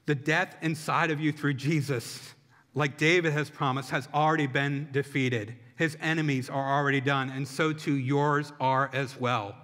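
A man's voice: on the high side, fairly bright tone. A man preaching a sermon as a pastor, impassioned, with rhythmic repetition. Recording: long hall reverb.

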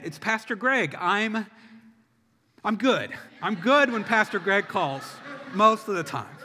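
A middle-aged man delivers a sermon with a bright, slightly high voice, telling the story in an easy conversational way. His words ring out with the long reverb of a large hall.

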